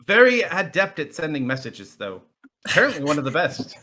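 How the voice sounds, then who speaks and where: A man runs a tabletop game as its dungeon master, his pitch swinging widely as he talks. His voice is bright and forceful, and he hops into comic character voices now and then. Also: fairly quick. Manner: animated, jumps into high comic voices for characters. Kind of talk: running a tabletop game over voice chat.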